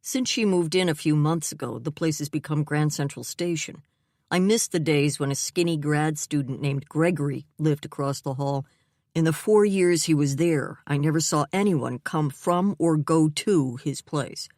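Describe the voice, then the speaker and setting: A woman's voice: low-pitched, moderate pace, darkish tone, no room sound, studio quality. A woman reading a first-person mystery audiobook in a wry, conversational manner. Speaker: audiobook narrator.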